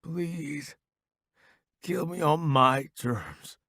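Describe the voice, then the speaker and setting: Guy doing a dying soldier, begging slow and weak, rough gravelly voice. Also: a little high, bright, forceful tone, no echo, studio quality, pitched above the performer's own voice, full character voice. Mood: weak pleading. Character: dying young male soldier, begging and fading.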